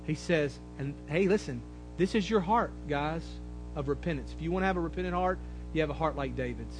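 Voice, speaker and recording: A man preaching a sermon, retelling a scripture story in a conversational way, swinging between loud, high emphasis and low, quiet moments. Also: fairly quick, faint music behind, rough recording. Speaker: pastor.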